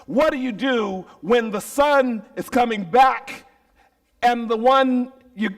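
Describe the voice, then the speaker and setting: A male preacher tells a story in a slow, theatrical sermon. His lively voice rises and falls widely, and he punctuates the story with sound effects. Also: extremely high pitch, distant mic.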